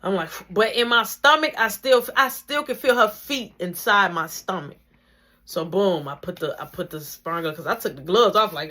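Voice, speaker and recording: Animated woman telling a casual story. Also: moderate pace. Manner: animated, slangy storytelling with big pitch swings.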